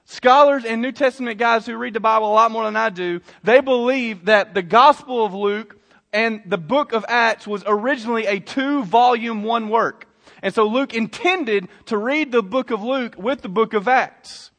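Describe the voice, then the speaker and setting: A male pastor, preaching a sermon and telling stories, swelling loud and then dropping soft. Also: extremely high pitch, moderate pace. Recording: reverberant hall.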